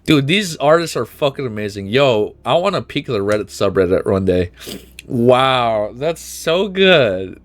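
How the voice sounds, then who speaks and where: A man streaming at home, reading a webnovel aloud and reacting with emotional, excitable outbursts full of swearing. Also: mid-range voice, a little slow. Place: at home with his dog.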